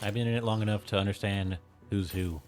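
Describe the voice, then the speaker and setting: Rambling low-voiced male streamer. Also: steady tone, fast, a little mellow. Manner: rambling, heavy use of "like", chuckles often. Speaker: game streamer. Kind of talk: casual rambling stream chat.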